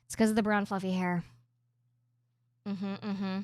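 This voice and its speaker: A young adult woman streaming a game, chatting playfully and reading chat aloud, sometimes softening into a quiet mock accent. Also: mid-range voice, little pitch movement, measured pace, dry recording, clean studio sound. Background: game music playing.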